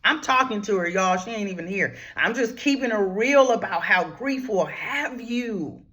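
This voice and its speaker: A woman therapist hosting a talk on grief, speaking emphatically and straight to her listeners, dropping to a hush one moment and rising with force the next. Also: medium pitch, expressive, moderate pace. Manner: emphatic, preacherly, talks straight to listeners with "y'all"; swings from hushed whispers to raised, forceful lines. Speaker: grief therapist and channel host.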